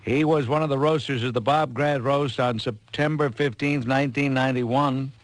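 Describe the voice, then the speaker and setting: Talk radio host, man, calm and conversational delivery. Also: medium pitch, normal speed, no echo. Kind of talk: radio talk show hosting.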